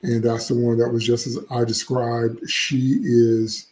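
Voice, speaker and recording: A man's voice: medium pitch, little pitch movement, measured pace, darkish tone, reverberant, a little hiss or hum, low-quality recording. A man hosting casual solo commentary, opinionated and chatty with frequent asides. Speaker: comics channel host.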